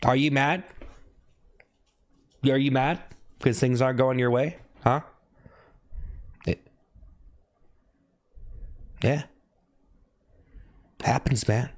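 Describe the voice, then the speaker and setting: A male streamer who keeps prodding his viewers with the same mocking questions over and over. His voice sits at a middling pitch, and he suddenly breaks off into high yelps. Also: fairly even intonation, drawn-out words, pauses often. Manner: teasing, repetitive needling questions. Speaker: live streamer. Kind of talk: live stream chat banter.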